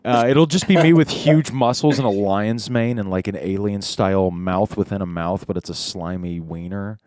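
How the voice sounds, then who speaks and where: A man's voice: lowish voice, moderate pace, a little mellow, clear, resonant tone, dry recording, clean studio sound. A man hosting a comedy podcast in casual chat. He jokes, laughs often and swears. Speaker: podcast host.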